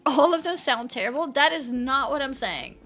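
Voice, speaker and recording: A woman's voice: sits high, lively intonation, normal speed, fairly bright tone, faint music behind. A woman chatting casually on a live game stream, reading chat aloud and laughing often.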